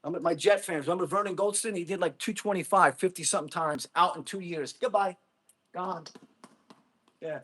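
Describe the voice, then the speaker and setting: A man's voice: high voice, normal speed, a bit bright, breathy edge. A man hosting a casual livestream, blunt and mocking, laughing often as he reads chat. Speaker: livestream host reading chat. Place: gym.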